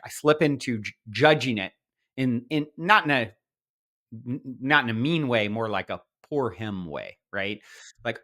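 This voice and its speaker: Bright-voiced man telling stories. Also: mid-range voice. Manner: animated, many restarts and quoted asides. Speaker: podcast guest, entrepreneur. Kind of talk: storytelling in conversation.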